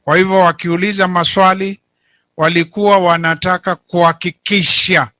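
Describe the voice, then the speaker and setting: A middle-aged Kenyan man, a county governor, giving a deliberate public speech and stressing his key words. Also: on the high side, bright, forceful tone, dry recording. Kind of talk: public speech, code-switching.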